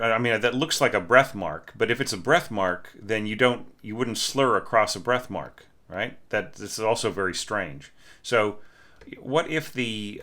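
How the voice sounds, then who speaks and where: Bright-voiced man critiquing a score. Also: lowish voice. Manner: conversational, sings phrases, keeps asking "right?". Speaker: orchestration teacher.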